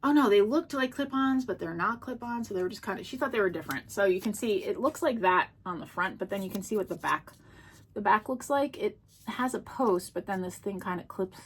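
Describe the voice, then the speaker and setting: A woman's voice: medium pitch, expressive, a little fast, slightly rough. A woman casually showing off her thrift finds, chatty and gushing, with many ums and restarts. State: out of breath. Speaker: thrift vlogger. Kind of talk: casual show-and-tell chat. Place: home.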